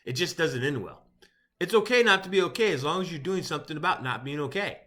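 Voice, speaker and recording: A middle-aged man talks to first responders in a chaplain's easygoing, wry way, his pitch jumping up and down with feeling. His tone is bright and forward, and he chuckles at his own jokes. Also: lively intonation, fast talker. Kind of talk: motivational talk to camera.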